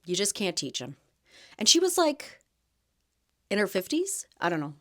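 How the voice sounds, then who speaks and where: A chatty woman in her thirties, host of a small podcast, tells stories in a loose, animated way. She strings her thoughts together with plenty of fillers. Her voice sits at a middle pitch. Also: moderate pace. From Canada. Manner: chatty, animated storytelling with laughs and many "like" fillers. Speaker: podcast host and market vendor. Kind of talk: casual chat.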